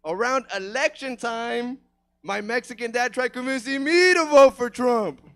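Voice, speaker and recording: High-pitched kansas guy doing a dirty deadpan stand-up bit. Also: a little slow, clean tone. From Kansas, United States. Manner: crude, profane, deadpan delivery. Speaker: stand-up comedian. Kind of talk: stand-up set.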